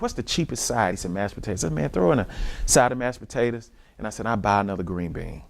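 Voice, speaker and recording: A man with a Southern US accent leading a church community-engagement workshop, teaching in a lively preacher style and talking straight to the room. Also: on the low side, fast talker, vocal fry. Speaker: workshop leader. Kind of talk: church community training talk.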